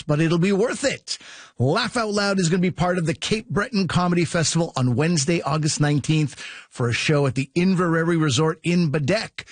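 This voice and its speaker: A man's voice: fairly high pitch, dry recording. A man hosting a radio comedy show, reading an upbeat scripted outro at a close studio microphone. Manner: upbeat, plainly read announcements.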